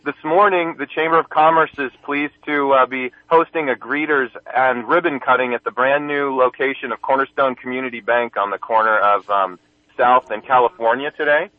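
A man's voice: medium pitch, fairly even intonation, normal speed, no echo. Man on a tinny phone line. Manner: upbeat and informative, with some fillers. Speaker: chamber of commerce head, caller. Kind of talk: casual radio call-in chat. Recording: thin telephone line.

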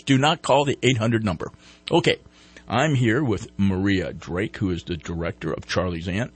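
A man's voice: lowish voice, very animated, normal speed, husky, no room sound. A man hosting a casual morning radio show from a studio, joking around and reading sponsor ads. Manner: jokey, rambling, reads sponsor ads. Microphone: studio microphone.

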